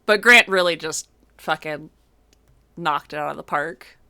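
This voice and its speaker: A young woman gives casual, effusive commentary while she plays a game, her voice sitting a little low yet sounding bright and forceful. She talks in loose runs, with fillers and restarts. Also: measured pace, creaky, clear, resonant tone. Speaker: streamer playing a video game.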